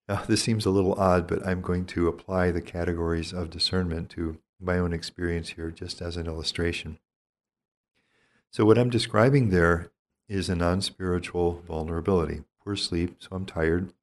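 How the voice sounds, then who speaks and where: Older male priest, very low voice, unhurried reflective teacher. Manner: calm, reflective, gently explanatory. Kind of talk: teaching talk on spiritual discernment.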